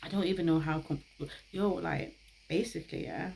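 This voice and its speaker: A woman's voice: lowish voice, normal speed, creaky, darkish tone, a little hiss or hum, rough recording. A young woman, hosting a casual talk. She is chatty, laughs often and uses slang. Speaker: host.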